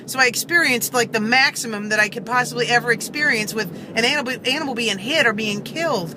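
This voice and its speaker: A woman's voice: on the high side, fast talker, background noise. A woman vlogger earnestly telling a story to camera, rambling with many fillers and restarts, seated in a car.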